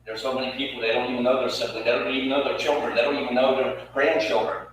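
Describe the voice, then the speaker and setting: A man preaching a sermon with emphatic delivery, swinging from loud to hushed. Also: medium pitch, level tone, fast, a little hiss or hum. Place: church sanctuary. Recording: echoey church hall from far off.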